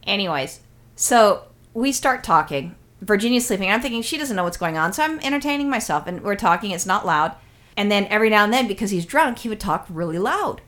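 A woman chatting as a podcast co-host, rattling off a long anecdote at a quick clip. She swears often and tells it loosely, with lots of restarts and asides. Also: medium pitch. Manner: rambling, profane, animated storyteller. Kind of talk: casual storytelling chat.

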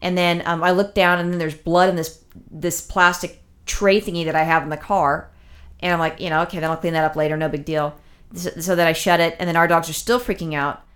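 A woman's voice: on the low side, steady tone, fairly quick, a bit bright. A woman telling a long personal story in casual chat, rambling with many fillers and restarts, emotional as she recounts it.

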